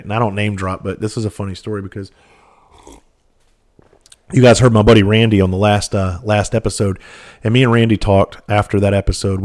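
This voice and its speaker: A middle-aged man with a fairly low voice hosts his podcast solo. He spins a long story in a loose, candid way, swearing freely and doubling back on his words. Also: darkish tone. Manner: candid, profane, rambling with restarts. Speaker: podcast host. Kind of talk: casual storytelling monologue.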